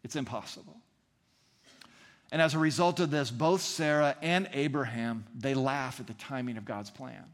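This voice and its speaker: A man's voice: medium pitch, moderate pace. A man preaching a sermon as the pastor, earnest and fond of repeating phrases for emphasis. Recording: long reverb in a large hall.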